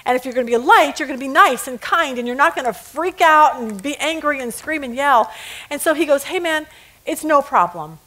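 A woman's voice: high voice, brisk, pushed and bright. A middle-aged woman teaching a women's Bible study, telling stories and acting out quotes, laughing at her own jokes.

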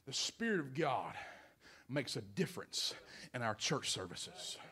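A man preaching a holiness sermon in a church, building up to shouts and drawing calls of amen from the room, sometimes drifting away from the mic. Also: medium pitch, sing-song, measured pace, slightly rough. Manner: rising to shouts, call-and-response preaching. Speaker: pastor. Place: church sanctuary.

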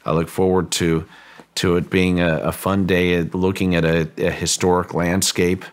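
Deep-voiced man telling a story haltingly. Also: flat delivery. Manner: halting, often repeats words while telling a story. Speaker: guest, ranch owner recounting a story. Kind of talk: interview storytelling.

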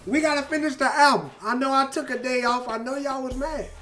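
A man's voice: very high voice, a little fast. A young man hosting a music reaction video, talking in hyped, slangy bursts and exclamations. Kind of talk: excited music reaction chat. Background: loud hip hop track playing.

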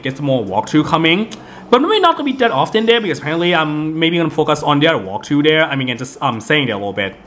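Male gameplay commentator, slightly high voice, rambling casual delivery with frequent restarts. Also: bright, forceful tone. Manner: rambling with many fillers and restarts. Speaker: gaming video host. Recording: game music in the background.

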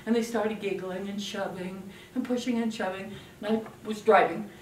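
An older woman giving a parenting talk to an audience, telling stories in an animated way and acting out children's voices. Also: medium pitch, normal speed, echoey room, far from the mic, a little hiss or hum. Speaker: parenting speaker.

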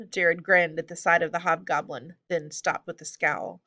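Bright-voiced woman narrating a storybook. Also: fairly low pitch, fairly even intonation, moderate pace. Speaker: audiobook reader.

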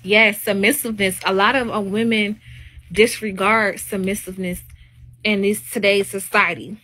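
A woman's voice: medium pitch, steady tone, normal speed, sharp tone. A woman hosting a live stream, talking in a casual, opinionated monologue that is emphatic and preachy, with rising exclamations.

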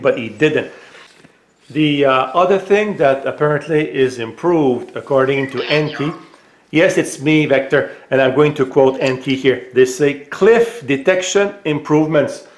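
A man with a French accent, casually demonstrating a gadget at home, hesitant with many filler pauses. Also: medium pitch, roomy sound. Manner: raises voice for voice commands. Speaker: tech reviewer. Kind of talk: casual product demo. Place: home room.

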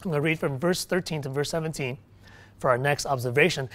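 A male pastor delivers a sermon at a fast clip, moving between hushed, low passages and loud, forceful outbursts. He restarts his sentences often.

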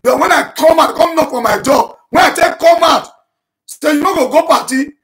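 A man speaking Nigerian Pidgin English in an impassioned, repetitive monologue to his online audience, shouting and breaking into chanted vernacular as he rebuts accusations. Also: extremely high pitch, normal speed. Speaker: self-styled prophet addressing his online audience.

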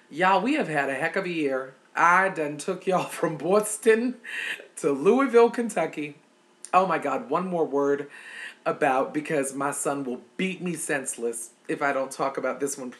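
A middle-aged woman vlogging in a casual, heartfelt chat to her viewers, calling them y'all. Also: deep voice.

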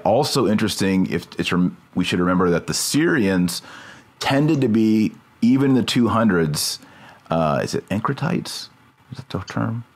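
A man hosting a podcast, talking through a subject casually and checking terms as he goes. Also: sits low. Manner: thinks aloud, checks terms mid-sentence. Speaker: podcast host. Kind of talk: casual discussion.

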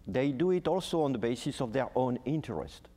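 A man's voice: medium pitch, brisk, long reverb tail. A man in his sixties with a French accent, speaking as a guest ambassador in a panel conversation, hesitant with many fillers. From France. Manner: hesitant, animated storytelling with frequent fillers.

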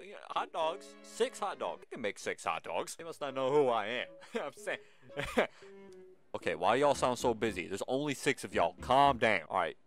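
A man hosting a gaming channel, giving casual gameplay commentary and playfully bantering with the game's customers. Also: mid-range voice.

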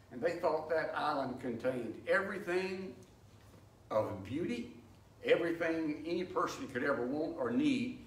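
Echoey older man teaching Bible study. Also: on the high side. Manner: folksy, explanatory, tells anecdotes. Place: church sanctuary. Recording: echoey, distant, faint ambience.

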